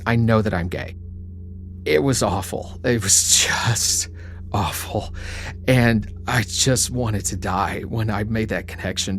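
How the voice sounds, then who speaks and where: A young adult man, interviewed, reflecting on his life in a quiet, emotional way. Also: lowish voice, a little hiss or hum. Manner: reflective, quietly emotional, sometimes trails to a whisper. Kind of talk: personal storytelling.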